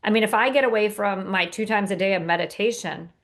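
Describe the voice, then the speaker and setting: A woman's voice: mid-range voice, fast, fairly bright tone. A woman author speaking as a podcast guest, earnest and motivational, with frequent fillers and restarts. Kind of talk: podcast interview.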